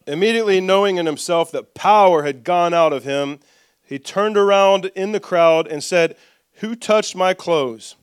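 A male pastor preaching with call-and-response, reading scripture aloud and dropping soft for asides. His voice sits fairly high and smooth, and the sound is dry and close. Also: moderate pace, no room sound. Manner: lively, drops soft for asides. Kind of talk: sermon.

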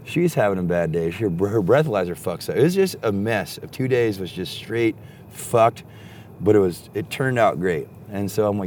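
A young man with a fairly low voice, spinning a rambling, swear-heavy story and slipping into the voices of the people in it. His talk is loose and animated. A faint bed of room noise sits underneath. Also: moderate pace. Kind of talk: casual profane storytelling.

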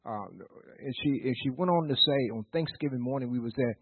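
A man's voice: medium pitch, brisk, breathy edge, no room sound. A middle-aged man from Virginia preaching a sermon, telling folksy stories with stammered restarts and building into rhythmic repeated phrases. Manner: rising, rhythmic preaching repetition. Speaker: pastor. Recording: dry, tinny phone-like sound.

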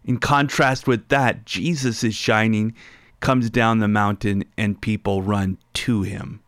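A man's voice: lowish voice, steady tone, unhurried, no room sound, clean studio sound. A man preaching a sermon, reading scripture aloud and explaining it line by line. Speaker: pastor.

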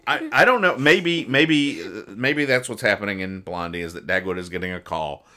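A man's voice: lowish voice, lively intonation, moderate pace, pushed and bright. A man hosting a podcast, reading comic strips aloud in casual chat and joking in a dry, mock-serious way with many restarts.

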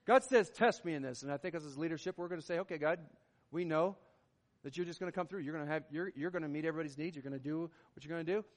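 Preaching rapid-fire, a pastor's slightly high, steady-toned voice delivers the sermon with emphasis, rising and falling in volume. Long hall reverb fills the recording.

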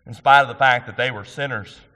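A man's voice: medium pitch, a little fast, sharp tone. A middle-aged man pastor delivering an earnest, emphatic sermon, asking the congregation questions. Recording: long hall reverb.

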